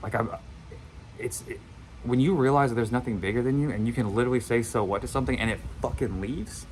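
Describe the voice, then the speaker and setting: A man's voice: medium pitch, quick pace, a little mellow, a little hiss or hum, rough recording. A man giving a casual motivational monologue as a manifestation coach, blunt and repetitive, swearing now and then.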